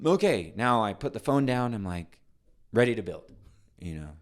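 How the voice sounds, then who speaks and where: With a lowish voice and moderate pace, this middle-aged man tells stories as a guest on a podcast. He's animated and does voices for his anecdotes, but he often restarts his sentences and leaves some trailing.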